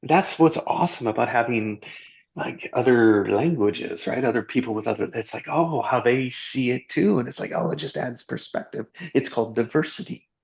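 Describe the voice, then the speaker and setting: A man hosting a reflective group conversation on a video call, musing aloud and slowing his words for emphasis. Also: medium pitch, gravelly, a little mellow, lo-fi sound.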